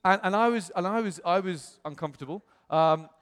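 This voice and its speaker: A man preaching, telling a personal story with animated delivery and self-mocking humor, acting out what others said. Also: high-pitched, fairly quick, smooth. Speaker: pastor. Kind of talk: personal testimony sermon. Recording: long reverb in a hall.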